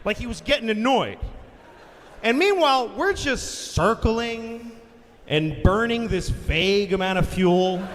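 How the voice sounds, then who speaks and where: Middle-aged male stand-up, sardonic and profane; live hall recording with clear ambient noise. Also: sits high, lively intonation, unhurried. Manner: profane, exasperated, sardonic storytelling. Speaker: stand-up comedian. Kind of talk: stand-up comedy storytelling. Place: live comedy venue.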